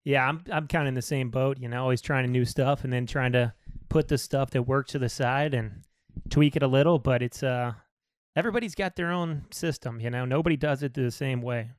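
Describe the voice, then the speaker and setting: Brief: congested podcast host, mid-pitched male voice, dry close sound, relaxed and agreeable. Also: fairly quick, no echo. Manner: easygoing, agreeable, filler-heavy. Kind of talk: casual podcast interview.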